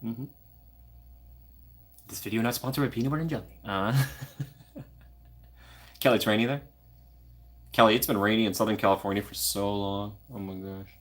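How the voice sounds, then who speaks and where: Male streamer from Minnesota, lowish voice, chats back to viewers by name, laid-back and talkative. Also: moderate pace, long pauses, a bit bright. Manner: chatty, answers viewer comments by name. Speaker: livestream host. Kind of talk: casual live chat.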